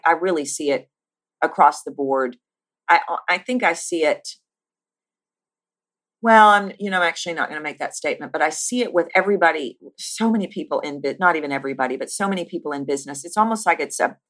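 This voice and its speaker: A woman teaching about speaking as a voice coach. She talks emphatically, stacks lists with rising force and slows down with deliberate pauses on her key points. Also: deep voice, a bit bright. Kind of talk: teaching monologue.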